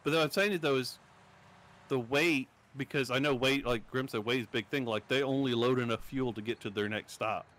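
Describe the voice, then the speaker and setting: Casting: man, mid-pitched, casual joking podcast co-host. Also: fairly quick, a bit bright. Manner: joking, laughs often. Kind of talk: casual group chat.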